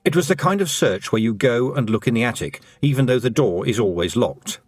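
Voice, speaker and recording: A male narrator reads an audiobook in an expressive storytelling style. His pitch is middling but moves a lot, and the recording is dry and close. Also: a little fast, no echo, faint music behind.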